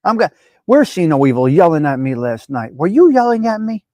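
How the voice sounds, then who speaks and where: Host: middle-aged new guy, animated and preachy, a bit high-pitched, dry close sound. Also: brisk, dry recording. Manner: animated, preachy, talks straight to viewers. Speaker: live stream host. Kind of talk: casual chat reading viewer comments.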